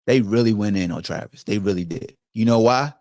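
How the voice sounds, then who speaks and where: A man's voice: lowish voice, brisk, a little mellow, dry recording, studio quality. A man hosting a sports podcast, ranting in a casual, profane, lecturing way. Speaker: podcast host. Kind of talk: casual sports commentary rant.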